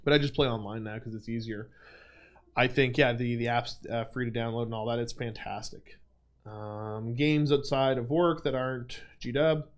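A man's voice: medium pitch, steady tone, moderate pace. Young male stream host, casual Q&A, self-deprecating, filler-heavy. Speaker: livestream host. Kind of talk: casual livestream Q&A chat.

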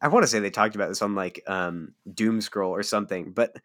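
A man's voice: lowish voice, fairly quick, a bit bright. A man co-hosting a podcast in casual chat, joking and laughing often. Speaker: podcast co-host.

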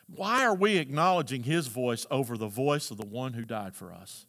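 A man preaching from the pulpit in a bright, forceful voice. He calls out to the congregation for answers and climbs into shouted emphasis. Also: mid-range voice, animated, normal speed. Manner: preaching with call-and-response, rising to shouts. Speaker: pastor. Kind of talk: sermon.

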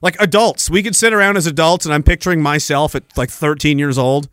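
A man's voice: on the high side, brisk, a bit bright, no echo, clean studio sound. A man hosting a podcast, ranting sarcastically and with a lot of profanity while reading out messages. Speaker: podcast host.

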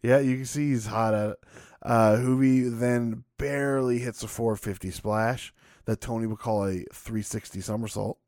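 A man in casual chat with a co-host, recapping old matches in a loose, laugh-filled way. He talks at a middling pitch, and his voice is recorded close and dry with no room sound. He swears freely as he goes. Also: fairly even intonation, moderate pace, a little mellow, no echo. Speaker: podcast co-host.

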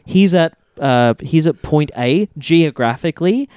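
Ranting man, smooth dry voice. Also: a little high, measured pace, no room sound. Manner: animated, ranting, swears freely. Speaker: podcast co-host. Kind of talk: casual chat.

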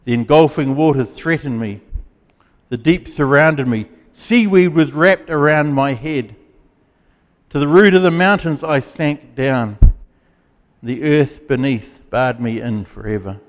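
A man preaching a sermon as pastor, earnest and emphatic, with dramatic pauses. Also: mid-range voice, in a large hall.

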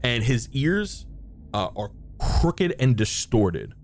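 A man's voice: medium pitch, very animated, slight background noise. Man narrating a tabletop game. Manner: descriptive, halting, with many fillers and restarts. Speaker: game master.

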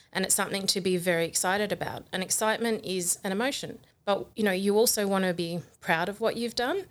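A woman speaks as a guest in a studio interview. Her voice sits a little low, and she sounds upbeat and encouraging.

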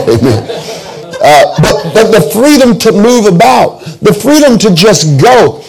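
Gravelly pastor telling folksy stories. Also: male voice, high-pitched, big pitch swings, a little slow, low-quality recording. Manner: folksy, joking storytelling with many restarts. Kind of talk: sermon.

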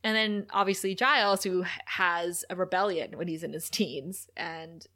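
A woman co-hosting a podcast, chatting casually as she recaps a TV episode, animated and laughing often. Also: fairly low pitch, normal speed. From Canada. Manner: chatty, animated, laughs a lot, many likes. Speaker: podcast co-host.

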